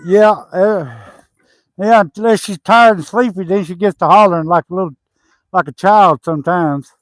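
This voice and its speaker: A man's voice: high-pitched, normal speed, dry recording. A man, chatting casually and teasing his wife while talking to his viewers. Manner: teasing, playful, addresses viewers. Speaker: homesteading vlogger. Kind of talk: casual live chat.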